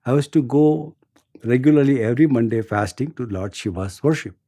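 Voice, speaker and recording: A man in his sixties with an Indian accent, telling a story in an interview in a halting way, repeating words and chuckling. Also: mid-range voice, warm tone, dry recording, studio quality. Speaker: interview guest.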